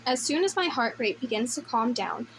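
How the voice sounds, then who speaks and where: A woman reads a first-person novel in a wry, conversational voice that sits fairly high. A steady background noise runs under the recording. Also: normal speed, low-quality recording. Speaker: audiobook narrator.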